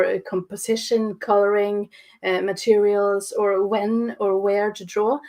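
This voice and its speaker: A woman's voice: mid-range voice, darkish tone. Woman guest on a video call, chatty but hesitant, lots of uh's. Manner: hesitant, many fillers. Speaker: guest artist. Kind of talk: casual interview chat.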